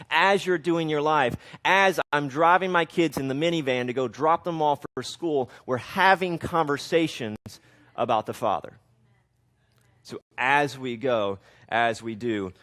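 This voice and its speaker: A man in his thirties, a pastor, preaching a conversational sermon on parenting and reading scripture aloud, with frequent restarts. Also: a little high.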